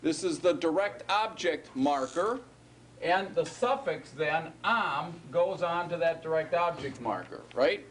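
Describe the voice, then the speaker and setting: A man's voice: a little high, expressive, measured pace, slight background noise. Man lecturing on grammar in a classroom. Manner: conversational, checks in with frequent "right?" and "okay?". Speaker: Hebrew grammar teacher.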